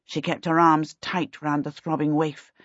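With a low voice, a female narrator reads a novel aloud in an even, measured manner. It's a scripted audiobook captured in a dull, dry, lo-fi recording.

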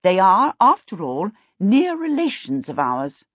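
A woman voicing a firm, composed witch and mother who speaks in a measured, formal way. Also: mid-range voice, huge pitch swings, fairly bright tone, husky, no echo, dull audio, heavily acted.

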